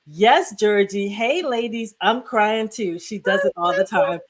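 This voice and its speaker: A woman co-hosting a casual online talk show, effusive and excitable, talking in rambling bursts. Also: medium pitch, measured pace. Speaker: co-host.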